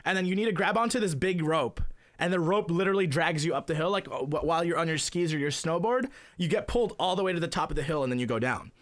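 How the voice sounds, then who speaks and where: Male streamer, high-pitched voice, casual comedic storyteller who rambles, swears and gets excited. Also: fast. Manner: rambling, full of "like" fillers and swearing; grows loud and excited at the peaks of the story. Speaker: gaming streamer telling a story.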